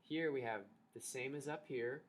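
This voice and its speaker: A man in mid-range pitch leads a recorded music lesson for children. He is patient and encouraging, and he chants rhythm syllables and note names slowly so the class can repeat them. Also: slight background noise. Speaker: music teacher.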